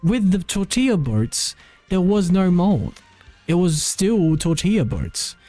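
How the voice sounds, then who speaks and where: A man's voice: high voice, very animated, slow pace, warm tone, faint music behind. A man streaming and chatting casually, rambling with lots of "like" and frequent self-corrections. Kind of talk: casual live-stream chat.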